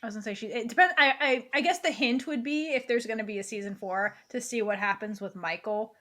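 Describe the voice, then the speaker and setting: Chatty book club co-host, woman, higher than average pitch, on a video call. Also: fast talker, sharp tone. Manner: chatty, many "like" fillers. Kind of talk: casual chat.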